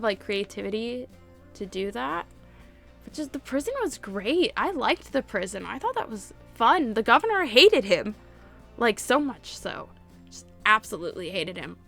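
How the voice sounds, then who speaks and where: A woman's voice: fairly high pitch, very animated, normal speed, gravelly, fairly bright tone, faint music behind. Gushing woman chatting casually. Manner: gushing, emphatic, lots of fillers. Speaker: YouTuber. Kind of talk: casual fan chat to camera.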